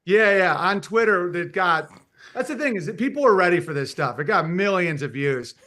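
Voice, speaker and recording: A man talking casually as a podcast guest, rambling and animated, often breaking into mocking impressions and laughing at his own jokes. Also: high voice, normal speed. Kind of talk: casual chat.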